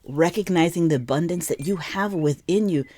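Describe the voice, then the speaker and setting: Low-voiced woman reading tarot cards. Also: normal speed. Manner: warm, rambling, emotional, self-correcting. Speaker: tarot reader. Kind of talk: casual tarot reading to camera.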